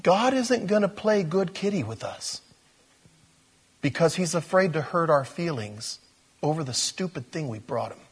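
Middle-aged male pastor, husky, conversational humorous sermon. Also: on the high side, very animated, measured pace. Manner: conversational and humorous, with acted quotes and laughs.

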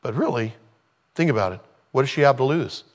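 A man delivering a sermon in a relaxed, conversational voice of middling pitch. He preaches with animated asides, briefly acting out the people in his story. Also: fairly quick, long reverb tail. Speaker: pastor.

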